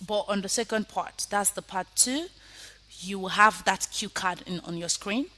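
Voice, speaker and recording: A woman's voice: mid-range voice, normal speed. Emphatic woman teaching online. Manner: emphatic, often swings from soft to loud. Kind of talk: online lesson. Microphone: video call.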